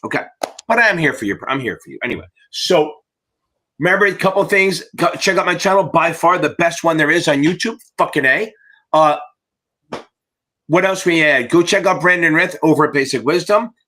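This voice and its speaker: A man's voice: on the high side, lively intonation, a little fast, pushed and bright. A man hosting a live exam-prep Q&A, giving blunt, profane, fired-up coaching in a casual livestream way.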